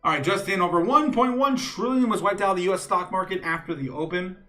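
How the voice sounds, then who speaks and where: A man's voice: sits high, fast talker, a bit bright, soft background music. A male host giving loose, chatty market-news commentary on a live stream, reading from chat with many fillers and chuckling asides. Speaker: crypto show host.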